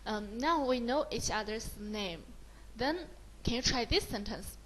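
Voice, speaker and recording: A woman's voice: on the high side, animated, a little slow, fairly bright tone, a little hiss or hum, rough recording. A woman with a Mandarin Chinese accent teaching a beginner lesson, mixing English with Mandarin and praising often. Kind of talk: slow, encouraging beginner lesson.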